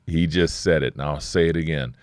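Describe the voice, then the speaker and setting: A man's voice: rumbling low, brisk, no room sound, clean studio sound. A man preaching a sermon in a plain, conversational way, acting out short exchanges.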